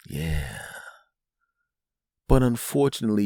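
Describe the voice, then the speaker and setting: Man, podcast host, very low voice, dry close mic, rambling comedic monologue, keeps asking "right?". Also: normal speed, a little mellow, no room sound. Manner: conversational, jokey asides.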